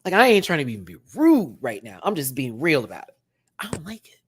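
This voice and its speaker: Guy reviewing reality tv on his stream, super chatty, goes loud then quiet, dry room. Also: mid-range voice, fast, breathy edge, no echo. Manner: animated, chatty, swings between loud and hushed. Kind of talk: casual livestream commentary.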